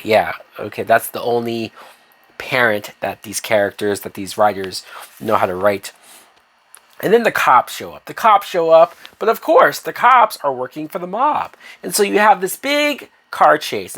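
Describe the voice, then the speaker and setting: A man's voice: mid-range voice, fairly bright tone. A man reviewing a TV episode in a ranting video review, sarcastic, profane and exasperated.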